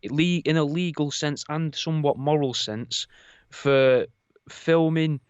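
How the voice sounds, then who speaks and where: A man co-hosting a podcast, telling stories in a rambling, deadpan, casual way. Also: fairly high pitch, takes it slowly, clear, resonant tone, no echo, dull audio. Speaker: podcast co-host. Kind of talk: casual comedic chat.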